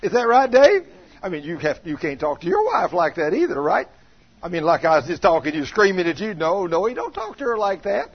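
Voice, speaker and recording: A man's voice: high-pitched, a little fast, breathy edge, dull audio. A man preaching a folksy sermon, telling stories and acting out what people said. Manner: animated, acts out quoted voices, shouts in anecdotes. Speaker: pastor.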